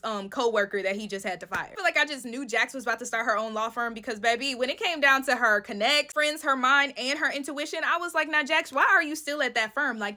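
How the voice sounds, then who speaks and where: A young woman runs a sassy, animated TV recap straight to her viewers. Her voice sits high and bright, and the words come fast. She sounds close to the mic, chatty and playful. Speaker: TV recap host. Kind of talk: casual TV recap and review.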